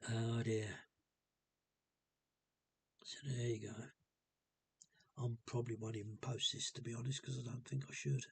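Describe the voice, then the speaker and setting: A man talking casually to camera in a hesitant, rambling and subdued way, with a gravelly, husky voice. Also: mid-range voice, steady tone, a little slow, long pauses, darkish tone. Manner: hesitant and rambling, many ums. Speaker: vlogger. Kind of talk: casual personal monologue.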